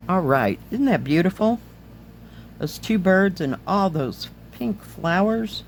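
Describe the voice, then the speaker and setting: A middle-aged woman, slightly hoarse, chatting casually as she reviews craft kits and handles them on camera. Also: on the low side, animated, slow, a little hiss or hum. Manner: chatty, enthusiastic, talks while handling items. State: slightly hoarse, losing her voice. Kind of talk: casual chat.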